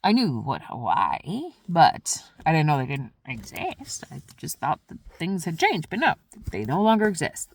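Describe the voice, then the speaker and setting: A woman vlogger tells a rambling story in a casual way and acts out her own past lines. Her pitch swings widely and her voice has a gravelly, creaky edge. The sound is close and dry. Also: huge pitch swings, a little slow, few pauses, no room sound.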